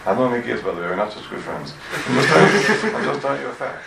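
Male Talmud teacher, raspy, animated lecturer, distant roomy recording with faint room noise. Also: mid-range voice, very fast. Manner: animated, rhetorical questions, addresses students. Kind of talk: lively Talmud class lecture.

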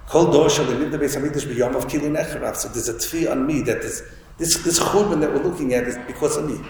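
A man's voice: mid-range voice, fast talker, vocal fry, darkish tone. A man giving a Torah lecture, telling a story with many restarts and Hebrew and Yiddish terms. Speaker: rabbi giving a Torah talk. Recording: echoey hall with faint room noise.

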